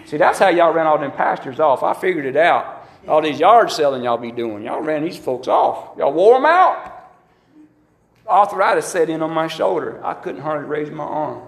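A man's voice: fairly high pitch, normal speed, few pauses. A middle-aged man preaching a sermon as pastor, telling folksy stories and acting out quotes. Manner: folksy, animated storytelling with acted-out quotes. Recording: echoey room.

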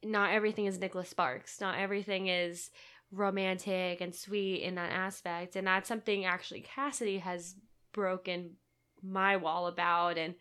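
A young woman co-hosting a casual podcast in a bright, clear voice. She rambles from thought to thought and pokes fun at herself as she talks. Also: fairly low pitch, fairly even intonation, normal speed. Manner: rambling, chatty, self-deprecating. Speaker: podcast co-host. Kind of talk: casual chat.

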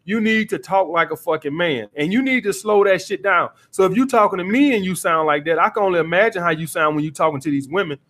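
A man's voice: high voice, expressive, fast talker, few pauses, a bit bright. A man hosting a call-in dating advice podcast, blunt and profane, repeating his points as he coaches a caller.

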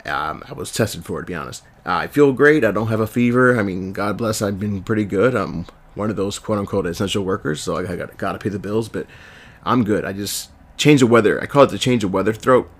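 Male podcast host, raspy from a cold, lowish voice, loose rambling delivery. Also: a little fast. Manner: rambling, with fillers and self-corrections. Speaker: podcast host reviewing a TV series. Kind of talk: casual solo review podcast.

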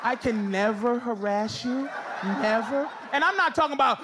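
A man doing loud, teasing stand-up crowd work on a comedy stage. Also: very high voice, normal speed. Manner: loud, teasing, riffing with the audience. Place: comedy stage before a live audience. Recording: noisy live show with crowd laughter.

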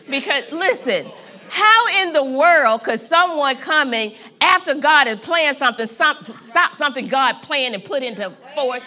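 A woman's voice: sits high, bright, forceful tone. A woman pastor preaching a sermon with fervent, emphatic delivery, repeating phrases and calling on the congregation to respond.

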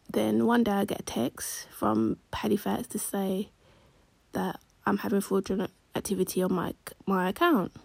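A woman tells a personal story to camera, casual and slangy. Her voice is breathy and sits at a middling pitch. She talks close to a dry mic and often drops into hushed asides. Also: no room sound. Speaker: vlogger.

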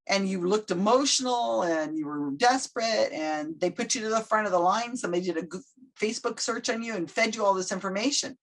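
Lively, husky woman telling stories. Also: mid-range voice, fairly quick. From United States. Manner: animated storyteller acting out quoted voices. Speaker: guest. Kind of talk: casual podcast interview.

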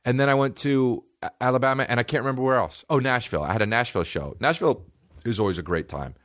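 A man's voice: medium pitch, quick pace, fairly bright tone, no echo. A man hosting a podcast, talking in a rambling, profane, comedic monologue from a studio. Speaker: podcast host.

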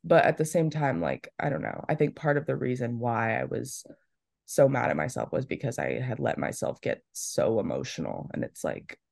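A woman's voice: rumbling low, sing-song, moderate pace, vocal fry, darkish tone, no room sound, studio quality. A young woman in her twenties, co-hosting a podcast and telling a story in casual chat, with lots of "like"s. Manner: chatty storytelling, many "like"s. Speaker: podcast co-host.

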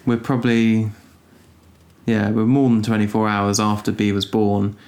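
A man's voice: on the low side, level tone, unhurried, a little mellow. A young British man co-hosting a podcast, chatting casually and recounting events with dry humour. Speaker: podcast co-host. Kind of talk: casual chat.

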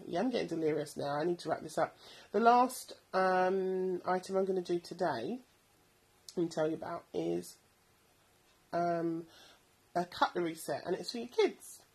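A woman's voice: on the low side, unhurried, pauses often, a little mellow, slightly rough, low-quality recording. A woman in her thirties hosting a podcast, chatting casually about bargain buys and rambling with plenty of ums. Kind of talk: casual product recommendations.

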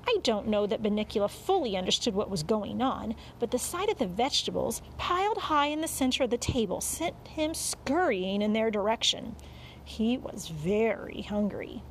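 A woman narrating a children's audiobook in an expressive storytelling manner. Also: fairly high pitch, a little hiss or hum.

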